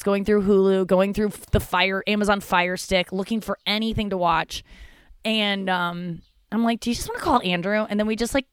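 A woman's voice: on the low side, clear, resonant tone, no echo. A young adult woman hosting a podcast, talking in a candid, rambling, crude comedic monologue. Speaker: podcast host.

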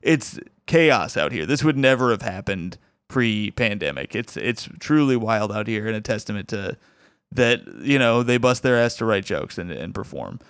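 A young male comedian tells a story in a casual, animated way, laughing through it. His voice is smooth and clear, recorded dry and close. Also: fairly low pitch, normal speed, dry recording. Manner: animated, laughs often while telling the story.

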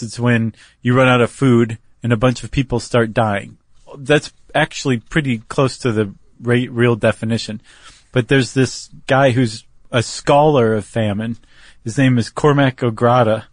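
A man's voice: medium pitch, no echo, studio quality. A man co-hosting a podcast in casual chat, loose and chatty with lots of fillers. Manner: chatty, laughs easily, filler-heavy. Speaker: podcast co-host.

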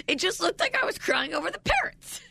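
A woman's voice: very high voice, huge pitch swings, moderate pace, creaky, pushed and bright, dry recording. A woman co-hosting a morning radio show, chatting and laughing with big swings in her voice. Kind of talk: casual morning radio banter.

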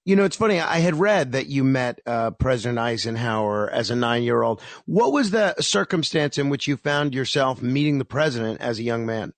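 A man hosting a radio interview who introduces his guest and asks plain, clear questions. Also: medium pitch, expressive, moderate pace, hardly any pauses, no room sound. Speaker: radio host.

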